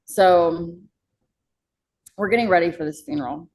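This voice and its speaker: A woman's voice: lowish voice, measured pace, darkish tone, rough recording. A young woman, a podcast guest, telling a personal story in a candid, casual way and swearing freely.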